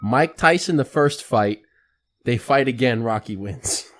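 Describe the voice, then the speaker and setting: A man co-hosts a podcast with animated, quick-burst talk. He swears freely in loose banter, with a voice of middling pitch. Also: a little hiss or hum. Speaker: podcast co-host. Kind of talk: casual chat.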